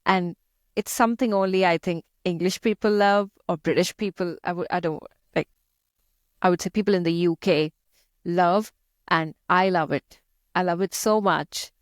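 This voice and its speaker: A woman's voice: fairly low pitch, moderate pace, dry recording, studio quality. A young woman from India with an Indian accent, chatting as an interview guest, laughing often and using many fillers. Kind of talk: casual interview chat.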